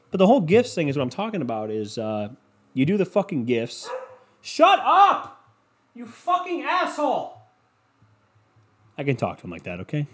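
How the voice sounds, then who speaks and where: A man's voice: fairly high pitch, darkish tone. A man rambling through a casual solo monologue at home, swearing often and putting himself down. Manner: rambling, profane, self-deprecating.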